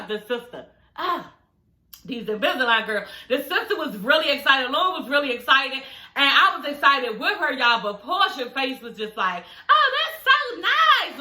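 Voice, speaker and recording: A woman's voice: high voice, bright, forceful tone. A woman chatting casually as a reality TV reviewer, sassy and profane, full of "you know" and "y'all". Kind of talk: casual recap chat. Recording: echoey room.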